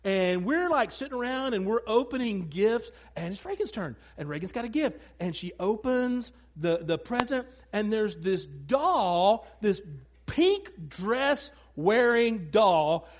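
A middle-aged man preaches with a high, bright voice that leaps up and down freely. He tells stories and talks to his listeners directly, slipping into quick asides and acted-out quotes. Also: sing-song. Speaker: pastor. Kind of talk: sermon.

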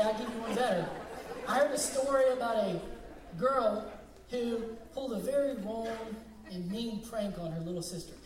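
A man's voice: high voice, roomy sound, recorded from a distance, slight background noise, poor audio. A young man preaching a sermon as pastor, switching between conversational storytelling and emphatic points.

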